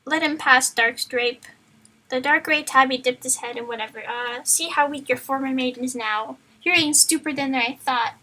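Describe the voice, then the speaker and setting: A woman's voice: sits high, moderate pace, bright, forceful tone, poor audio. A woman streamer reading a book aloud to friends, playful and chatty, stumbling and going off on tangents. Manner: playful, chatty, loses her place in the text. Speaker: streamer, reader.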